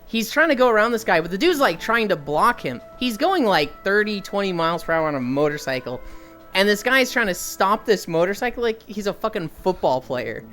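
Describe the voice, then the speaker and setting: A woman's voice: medium pitch, lively intonation, fairly quick, a bit bright, soft background music. A woman streamer chatting with viewers, telling stories, swearing freely and acting out the people in them. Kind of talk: casual chat with viewers.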